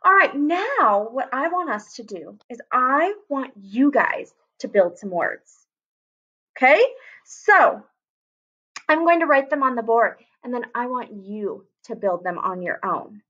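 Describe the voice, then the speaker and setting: A woman teacher giving a phonics lesson to children, sounding out words slowly and repeating them. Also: fairly high pitch, animated, sharp tone, breathy edge. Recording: dull lo-fi recording.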